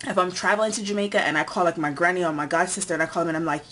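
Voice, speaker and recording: A woman's voice: fairly low pitch, fairly even intonation, rapid-fire, few pauses, fairly bright tone. A young woman born in the United States, chatting casually in a tag video and listing things one by one with many fillers. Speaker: vlogger.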